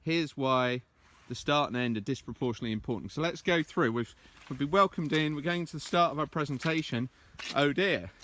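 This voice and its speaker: A man's voice: fairly high pitch, brisk, few pauses, a bit bright. A man talking casually to camera as he walks outdoors in the countryside, coaching on presentations with a chatty, self-deprecating manner. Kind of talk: casual walking vlog.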